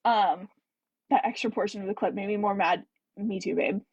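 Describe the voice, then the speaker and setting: A woman's voice: medium pitch, steady tone, normal speed, darkish tone, slightly rough, no room sound, dull audio. A woman hosting a casual book club livestream, chatting animatedly and answering viewer comments.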